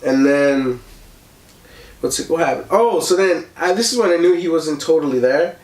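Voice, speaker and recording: A man's voice: a little high, normal speed, distant mic. A young man hosting a casual podcast, telling a story with lots of likes and ums and acting out the people in it. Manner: animated, acts out voices in his story, many likes and ums. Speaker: podcast host. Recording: echoey room.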